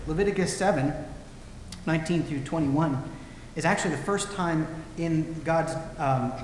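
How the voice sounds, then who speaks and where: A man's voice: fairly high pitch, slight background noise. A man preaching a sermon in a conversational storytelling way, acting out the people he quotes. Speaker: pastor. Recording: echoey hall, faint ambience.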